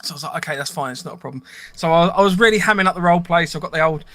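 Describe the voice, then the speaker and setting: A man with a fairly high, bright voice talks casually on a podcast. He tells stories with a laugh and pokes fun at himself. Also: racing. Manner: chatty and laughing, self-mocking. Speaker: podcast co-host.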